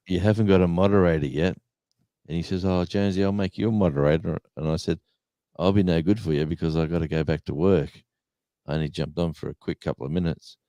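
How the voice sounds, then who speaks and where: A man's voice: deep voice, steady tone, fast, mellow, dry recording. A man co-hosting a livestream chat, telling rambling stories and chuckling. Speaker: livestream co-host. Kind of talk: casual storytelling chat.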